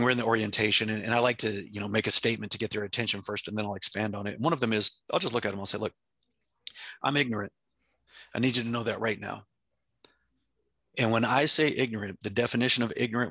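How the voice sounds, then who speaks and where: A man speaks with passionate intensity, his gravelly, husky voice pushing forward at a quick clip. His tone is bright and forceful, and he leans hard on his points. The sound is dry and close. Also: lowish voice, dry recording. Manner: intense, emphatic, acts out his own quoted speech. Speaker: company president and CEO, guest. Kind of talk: passionate interview answer.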